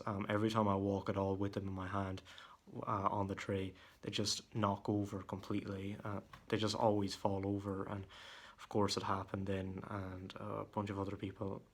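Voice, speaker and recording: A young man with a deep voice that sometimes cracks, venting in a casual home vlog, halting with many fillers and restarts. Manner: irritated, venting. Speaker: vlogger. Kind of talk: casual monologue. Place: room at home.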